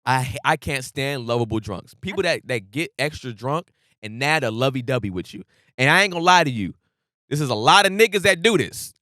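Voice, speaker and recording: A man co-hosting a podcast, ranting in casual chat and acting out friends in loud bursts. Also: mid-range voice, a little fast, no echo, clean studio sound. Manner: animated, ranting, acts out drunk friends with loud outbursts. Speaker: podcast co-host.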